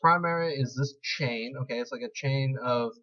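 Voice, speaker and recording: A man's voice: medium pitch, normal speed, a crowd in the background. A young man giving a casual screen-recorded tutorial, rambling and self-deprecating as he explains. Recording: slightly dull lo-fi mic.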